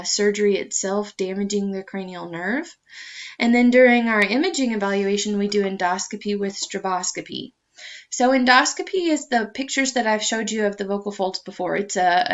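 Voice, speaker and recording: Gravelly woman giving a recorded lecture. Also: medium pitch, dull audio. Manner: explanatory, with frequent ums and uhs.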